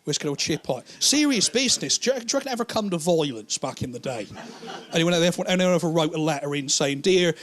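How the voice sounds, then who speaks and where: A man performs stand-up on a live stage mic, his pitch sitting a little high for a man. He rambles and swears freely and slips into brief character voices as he tells his stories, while laughter rises from the audience. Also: animated, a bit bright. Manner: rambling, profane, acts out characters in quick put-on voices. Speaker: stand-up comedian. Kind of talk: stand-up comedy routine.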